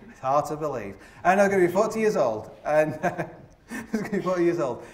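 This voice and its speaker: A man's voice: fairly high pitch, very animated, fast. A man in his forties, a mountaineer giving a live storytelling talk on a theatre stage. He rambles and mocks himself, leaning on fillers and restarts. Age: 40s. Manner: rambling, self-deprecating, heavy with fillers. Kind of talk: live comic storytelling to an audience. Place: opera house stage. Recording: echoey theatre.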